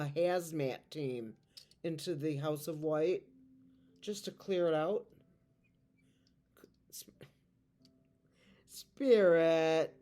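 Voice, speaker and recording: A woman with a low voice who speaks slowly to her viewers. She reads tarot and talks in a soft, heartfelt, emotional way. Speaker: tarot reader. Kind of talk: spiritual video talk to viewers.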